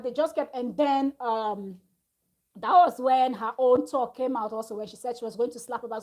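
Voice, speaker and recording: A woman with a slightly high voice recaps a reality-show episode in a loose, chatty way. She retells the arguments with animation, like a vlogger talking straight to her audience from home. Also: darkish tone. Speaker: reality TV review host. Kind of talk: casual gossip recap to camera. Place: at home with her small child nearby.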